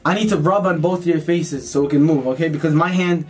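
A man's voice: a little high, quick pace. Playful young man, teasing, mic a bit distant. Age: 20s. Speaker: vlogger pranking children. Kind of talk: casual prank vlog. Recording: distant mic with faint music.

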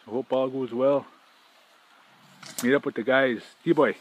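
A man's voice: medium pitch, fairly even intonation, unhurried, lo-fi sound. A man from northern Manitoba narrating a casual travel vlog outdoors, giving short clipped progress updates into a handheld camera. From northern Manitoba, Canada. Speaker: trip vlogger. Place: outdoors by lakes and rivers. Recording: outdoor camera audio with clear background noise.

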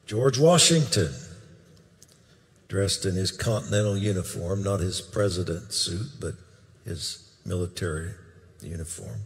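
A man's voice: sits low, fairly even intonation, moderate pace. An older man preaching a sermon, recounting a dream with emphatic bursts and questions to the crowd. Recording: long hall reverb.

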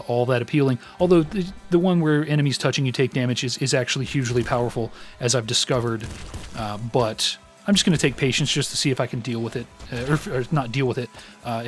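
A man hosting a let's play, commenting on his own gameplay in a rambling, self-deprecating way with lots of fillers. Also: mid-range voice.

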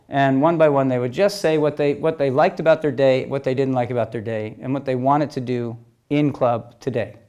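A man gives a relaxed storytelling talk at an ordinary middle pitch. He acts out what people said as bits of dialogue. He keeps checking in with his listeners as he goes. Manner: keeps checking in with "okay?" and "you know?"; re-enacts exchanges as quoted dialogue. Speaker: speaker telling stories to an audience.

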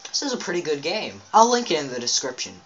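A man's voice: a little high, wildly swooping pitch, fast talker, fairly bright tone, lo-fi sound, slight background noise. A man giving rambling, chatty commentary on his own gameplay, talking straight to his viewers from a home setup. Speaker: let's play gamer.

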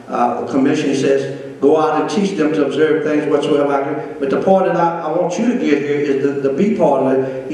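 A man, a pastor preaching a sermon with emphatic repeated phrases and slowly drawn-out scripture quotes. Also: sits high, a little mellow. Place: church. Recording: echoey church room from far off.

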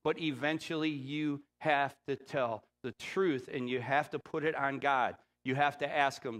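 A man's voice: fairly even intonation, moderate pace, few pauses. Emphatic middle-aged male pastor preaching. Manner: emphatic preaching with rising, loud peaks; drops to a low, quiet voice when quoting the Spirit. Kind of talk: sermon.

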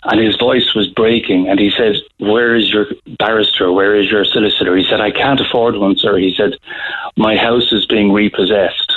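A middle-aged Irish man telling a story in a radio interview, halting, with many restarts. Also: lowish voice, steady tone, fairly bright tone. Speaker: guest author. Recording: phone-line audio.

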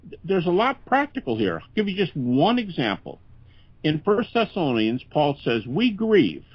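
A man's voice: fairly high pitch, very animated, moderate pace, slightly rough, dry recording. An older man, a guest scholar in a podcast interview, speaking earnestly and conversationally with frequent restarts. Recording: dull, lo-fi podcast audio.

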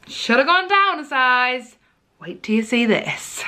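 A young British woman, a fashion vlogger, talks casually to the camera during a try-on haul, sounding outspoken and exasperated. Her high voice is very animated, slow, pushed and bright. There's slight background noise.

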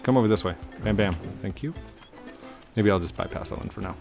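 A man's voice: fairly low pitch, a little fast, gravelly. A man hosting a casual let's-play, chatting and talking to himself as he plays. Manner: chatty, self-talking, restarts. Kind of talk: casual gameplay commentary. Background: game music.

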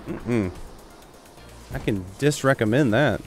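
A man's voice: on the low side, moderate pace, faint music behind. Rambling male gamer narrating his play. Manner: rambling, excitable, talks to chat. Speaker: video game streamer. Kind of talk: casual gameplay commentary.

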